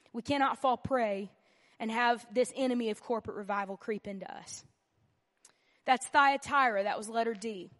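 A woman with a somewhat high voice teaches a Bible lesson at church. She talks in an earnest, conversational way, hammering points home by repeating them and slipping in jokes. Her voice carries a long reverb, as in a large hall. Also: a bit bright. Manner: earnest and emphatic, repeats key phrases; conversational with humorous asides. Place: church meeting room.

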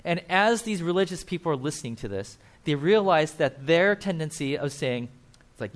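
A man's voice: on the high side, lively intonation, moderate pace. A man preaching a casual sermon, chatty and full of fillers, often acting out quoted voices. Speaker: pastor.

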